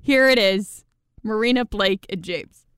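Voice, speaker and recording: A woman's voice: mid-range voice, a little slow. A woman co-hosting a casual recap podcast, chatty and enthusiastic with frequent laughs. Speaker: podcast co-host.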